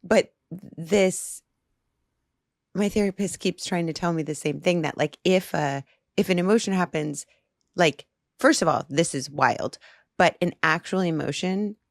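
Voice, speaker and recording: A woman's voice: lowish voice, unhurried, dry recording. Woman co-host: earnest, explanatory, conversational; dry studio sound. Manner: earnest, explanatory, animated about ideas. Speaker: podcast co-host. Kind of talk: candid conversational interview.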